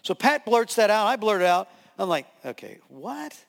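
A man preaching as a pastor, telling a story with lively acted-out scenes and voices. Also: high voice, brisk. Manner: animated, acts out scenes with voices. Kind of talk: sermon storytelling. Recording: long hall reverb.

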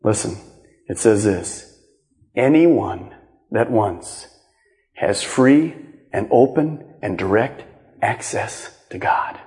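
Animated preaching man in a reverberant hall. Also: takes it slowly, pauses often. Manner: animated preaching, swinging from loud emphasis to hushed low lines. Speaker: pastor. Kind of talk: sermon. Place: church auditorium.

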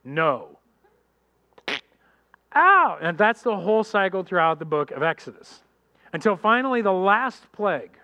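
A man preaching a sermon as pastor, animated and addressing the congregation directly, acting out characters in quick voices. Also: high-pitched, dull audio.

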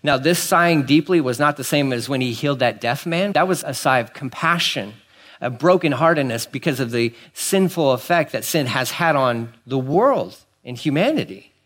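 Male pastor, mid voice, conversational sermon delivery with dramatic swings in volume and pitch. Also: normal speed. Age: adult, married. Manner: animated, swings from hushed asides to emphatic exclamations.

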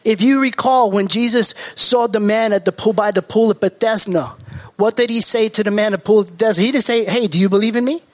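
A man's voice: sits high, brisk. A man preaching a sermon as pastor, repeating key words for emphasis and teaching from scripture. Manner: mocking impressions of TV preachers.

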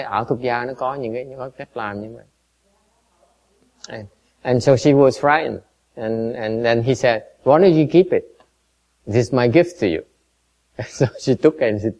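Man, Buddhist teacher, lowish voice, halting storyteller who stumbles and repeats, muffled lo-fi recording. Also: darkish tone. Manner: halting, repeats words, switches between two languages. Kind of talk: dharma talk with storytelling. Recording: dull lo-fi recording.

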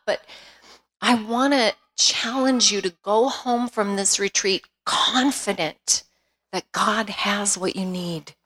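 A woman's voice: mid-range voice, a bit bright. A middle-aged woman speaking at a women's retreat, candid and conversational, often restarting her sentences.

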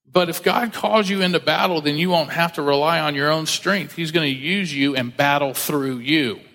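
A man preaching a sermon in a relaxed, conversational way, with joking asides and acted-out quotes. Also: on the high side, normal speed. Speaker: pastor. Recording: long hall reverb.

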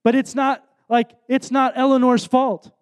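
A man in his thirties delivers a sermon with a strikingly high voice for a man. His preaching is earnest and conversational, with self-deprecating asides. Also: flat delivery, measured pace, clean tone.

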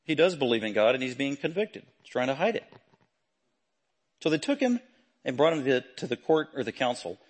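A man preaching a sermon, talking through a passage and building to loud, emphatic proclamations. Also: mid-range voice, sing-song, a little fast, pauses often, slightly rough.

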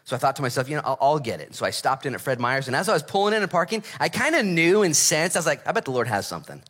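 A middle-aged man preaching a sermon as pastor, reading scripture and telling stories with lively acted voices. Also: on the high side, rapid-fire. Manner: animated storytelling with acted voices.

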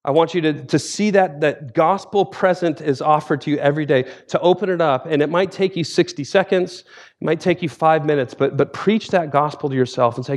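A man in his forties, a theology professor preaching a sermon as guest speaker, telling stories in a lively way and acting out scenes. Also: on the high side, fairly quick. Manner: lively storytelling, acts out scenes.

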